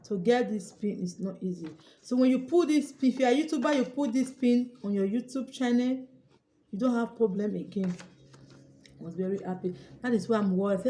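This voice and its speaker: Excitable woman vlogging to her viewers. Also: on the high side, normal speed, slight background noise. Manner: excitable storyteller, acts out her own shouts. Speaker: YouTuber. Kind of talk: casual vlog talk to viewers.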